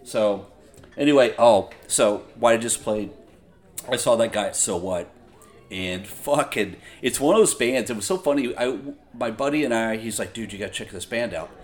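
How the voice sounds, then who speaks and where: A man's voice: medium pitch, normal speed. A man hosting a podcast, talking in a casual, profane monologue full of exasperated gripes. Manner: profane, ranting, exasperated storytelling. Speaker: podcast host.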